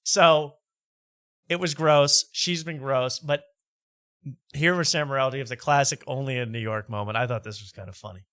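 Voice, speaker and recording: Bright-voiced man hosting a comedy talk show. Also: medium pitch, fairly even intonation, dry recording, studio quality. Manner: rambling, mocking, halting with fillers. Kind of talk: comedic late-night talk show banter.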